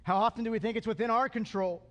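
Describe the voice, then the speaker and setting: Man, pastor, lively sermon, very high voice, long hall reverb. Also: fast talker, muffled recording. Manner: animated, calls for congregation response.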